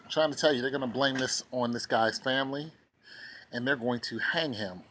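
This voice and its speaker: A man's voice: medium pitch, normal speed, a bit bright, a little hiss or hum. A man giving ranting commentary as a vlogger, sarcastic and indignant, repeating his points for emphasis.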